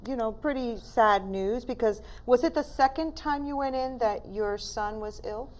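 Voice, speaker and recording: A woman's voice: fairly high pitch, moderate pace. A woman hosting an interview show, asking questions hesitantly with many fillers. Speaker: talk show host.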